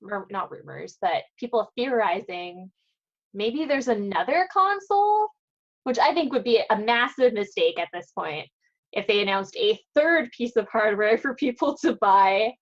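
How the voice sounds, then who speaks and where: A woman's voice: mid-range voice, lively intonation, unhurried, highs cut off. A woman co-hosting a gaming podcast, talking in an emphatic, opinionated way. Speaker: podcast co-host. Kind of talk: casual chat.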